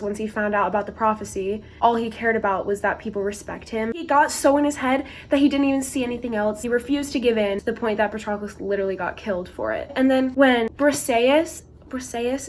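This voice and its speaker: A young woman giving her reactions and final thoughts in a casual reading vlog, talking in an expressive way and swearing freely. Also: on the high side. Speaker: book vlogger. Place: outdoors on a balcony.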